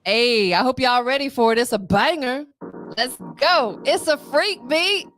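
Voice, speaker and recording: A woman's voice: high voice, a little slow, fairly bright tone, soft background music. A woman hosting a live podcast in a casual, hyped-up, promotional way. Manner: hype, upbeat, promotional. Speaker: podcast host.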